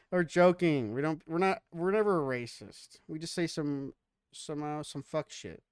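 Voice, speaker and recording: A man's voice: fairly high pitch, a little slow, clear, resonant tone, no room sound, studio quality. A man hosting a podcast, bantering casually with jokes and a lot of swearing. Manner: joking, profane banter. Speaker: podcast host.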